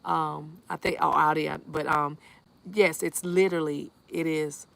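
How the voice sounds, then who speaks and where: Gravelly-voiced woman giving a tarot reading. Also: deep voice, steady tone, unhurried. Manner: reassuring, repeats affirmations; addresses viewers directly, reads chat aloud. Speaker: tarot reader.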